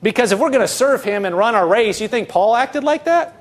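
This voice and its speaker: Middle-aged male pastor with a high voice, earnest and conversational, full of rhetorical questions. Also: animated, a little fast. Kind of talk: conversational sermon.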